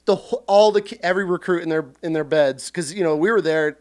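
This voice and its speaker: A man from central Washington who served as a Marine, telling stories on a podcast in a casual, animated way and acting scenes out loudly. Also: on the high side, fast. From central Washington, USA. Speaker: podcast guest, Marine veteran. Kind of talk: casual storytelling.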